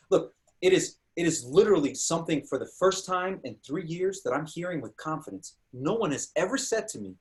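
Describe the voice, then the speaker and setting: A man's voice: on the high side, brisk. A man hosting a panel discussion, telling stories with energy and acting out quoted dialogue. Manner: animated storytelling, acts out quoted dialogue. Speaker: host.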